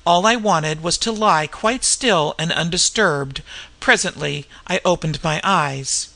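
Gravelly bright voice reading an old mystery tale, steady storyteller pace. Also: medium pitch. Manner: measured storytelling with character voices. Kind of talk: audiobook narration.

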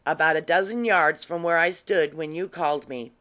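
Grave gentleman with quiet malice, dry delivery, voiced by the narrator. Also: mid-range voice, normal speed, natural voice. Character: grave, quietly sly gentleman Ormiston, man. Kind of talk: audiobook reading.

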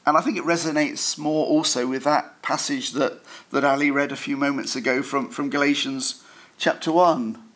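A man's voice: mid-range voice, steady tone, normal speed, a bit bright. A man giving a sermon at a church service in a conversational way, with self-deprecating asides and frequent fillers and restarts. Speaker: preacher.

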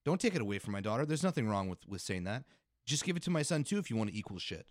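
A man's voice: lowish voice, big pitch swings, very fast, dry recording, clean studio sound. A middle-aged father co-hosting a casual podcast, arguing heatedly and swearing as he makes his points. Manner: heated, profane and emphatic. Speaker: podcast co-host.

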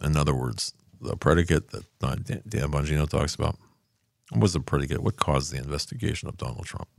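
An older man with a very low, gravelly voice talks in a loose, rambling monologue. He drifts off his point and circles back to it. The sound is dry and close, with no room around it. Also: brisk, dry recording. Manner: rambling, loses his thread and restarts. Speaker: political commentary host. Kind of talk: casual monologue commentary. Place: home office studio.

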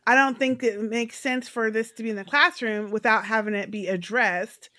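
A woman's voice: a little high, fairly even intonation, normal speed, bright, forceful tone. A woman in a casual chat reviewing a show, explaining her view at length.

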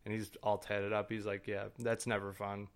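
A man from the Chicago area telling a story in a casual chat, laid-back and self-deprecating, swearing and trailing off quietly. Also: lowish voice, completely flat delivery, normal speed, clean tone.

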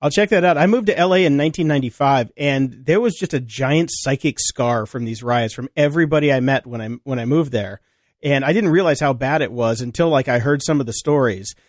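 A man co-hosting a podcast, chatting casually and chiming in with short, relaxed reactions. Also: mid-range voice, brisk, dry recording, clean studio sound. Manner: easygoing, chimes in with short reactions. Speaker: podcast co-host.

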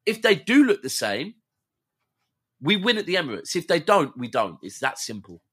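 A man's voice: a little high, big pitch swings, moderate pace, fairly bright tone, slightly rough. A young man, chatting casually about his football team. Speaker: football podcast co-host. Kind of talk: casual chat.

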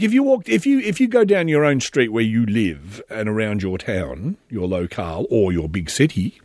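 A man's voice: mid-range voice, a little mellow, no room sound, clean studio sound. A middle-aged man, hosting a podcast and rambling through a sardonic solo commentary full of joking asides. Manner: sardonic, meandering, jokey asides. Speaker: podcast host.

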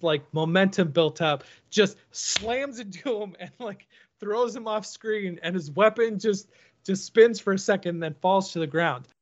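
A man's voice: high-pitched, lo-fi sound. A man hosting a podcast who tells stories in a casual, rambling way and often laughs. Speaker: podcast host. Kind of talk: casual chat.

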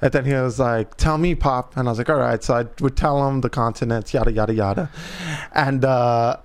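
A man in his thirties, co-hosting a podcast, telling a family story in casual, profane, animated chat. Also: medium pitch, brisk, clear, resonant tone. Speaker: podcast co-host.

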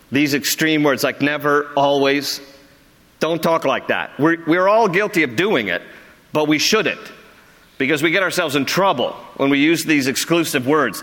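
A male pastor teaching a Bible study in a conversational sermon style, lively and joking, repeating words when he stumbles. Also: fairly high pitch, long reverb tail.

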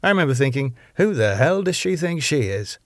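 A man's voice: fairly high pitch, big pitch swings, brisk, no echo, studio quality, voice pushed up. A man voicing a blunt, irritable male detective who speaks sharply. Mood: exasperated.

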